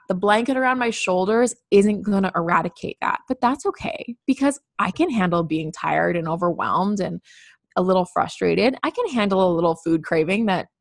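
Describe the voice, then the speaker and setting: A woman's voice: medium pitch, dry recording, clean studio sound. A woman talking candidly and chattily as a podcast guest, with lots of "like.". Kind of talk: casual podcast conversation.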